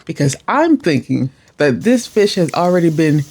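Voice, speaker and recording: A young woman telling a cooking mishap in casual voice-over, animated, exasperated and poking fun at herself. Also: sits low, normal speed, slight background noise. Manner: animated and exasperated, self-deprecating. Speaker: cooking vlogger.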